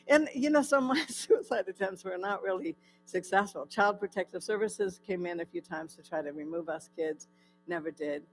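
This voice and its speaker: A woman's voice: mid-range voice, rough recording. Woman, from California, church testimony, storytelling, asks the audience, um-filled, faint music underneath. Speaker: guest speaker. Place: church hall.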